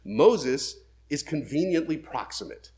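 A man's voice: fairly high pitch, very animated, unhurried, darkish tone, breathy edge. A man preaching a sermon, reading scripture aloud and then explaining it with emphatic questions.

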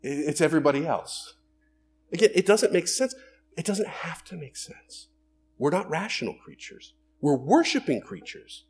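A man preaching a sermon in a conversational, animated way, asking rhetorical questions and acting out everyday quotes. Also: high voice, moderate pace, breathy edge. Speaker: pastor.

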